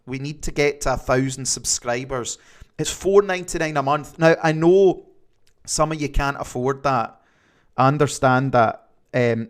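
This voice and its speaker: A man with a Scottish accent hosting a live stream from indoors, seated, chatting casually and answering viewer comments as he goes. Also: mid-range voice. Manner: chatty, reads viewer comments aloud, repeats himself.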